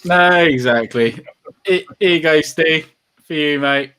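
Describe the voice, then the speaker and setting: A man, co-hosting a casual podcast, asking questions in a lively, friendly way. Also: on the high side, measured pace, clean tone. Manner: lively, questioning, says mate a lot. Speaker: podcast co-host. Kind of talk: casual chat.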